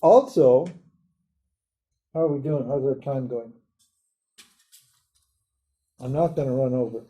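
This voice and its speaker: An older man giving a live lecture on a spiritual text in a casual, animated way, laughing often and mimicking other people. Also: medium pitch, slow pace, pauses often. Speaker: Vedanta teacher.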